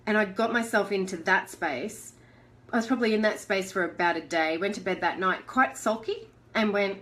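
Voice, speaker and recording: A woman's voice: mid-range voice, moderate pace. An Australian woman hosting a live motivational talk, telling a personal story with lots of laughter. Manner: animated storyteller who laughs often; acts out her own inner voice in quotes. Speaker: host of a live motivational show.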